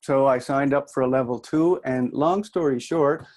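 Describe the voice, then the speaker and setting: A man's voice: mid-range voice, moderate pace, darkish tone. A middle-aged man from New Brunswick with a mixed Canadian-Irish accent, giving a chatty, self-deprecating workshop talk to an audience. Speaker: workshop speaker.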